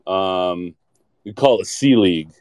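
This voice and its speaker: A man's voice: low voice, unhurried, a little mellow, no room sound. A man chatting casually and bluntly, rambling with lots of filler words and jokes. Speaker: podcast segment contributor. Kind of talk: casual chat.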